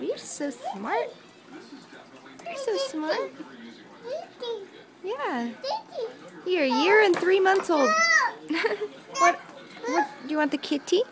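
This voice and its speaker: A young mother coos at her toddler in very high, swooping baby talk, drawn out very slowly. Her voice slips into a gravelly fry at the ends of phrases. Other voices are clearly heard in the background of the home video. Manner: sing-song, cooing and praising, repeats words for the child.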